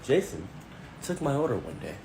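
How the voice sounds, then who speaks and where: A man's voice: medium pitch, big pitch swings, normal speed, creaky, background noise. A man narrating a first-person story in a blunt, indignant, conversational way.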